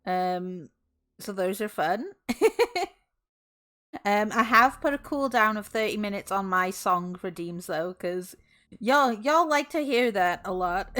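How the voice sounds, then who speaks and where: A woman's voice: mid-range voice, fairly bright tone. A woman streamer chatting casually with her viewers, bubbly and giggly, laughing often.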